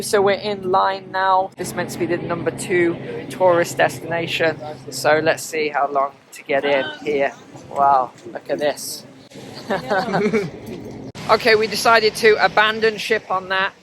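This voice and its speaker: A man's voice: high voice, a little slow, background noise. A man talking to his viewers in a chatty way as he films a walk through city streets in the snow. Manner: chatty, talks to viewers while walking. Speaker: vlogger. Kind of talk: walking travel vlog commentary.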